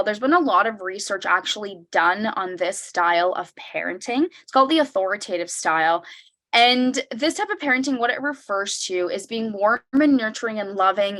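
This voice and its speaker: This medium-pitched young woman runs a parenting workshop online via video call, chatting conversationally. She habitually ends sentences with "right?" and brightens her voice whenever she plays the part of a parent.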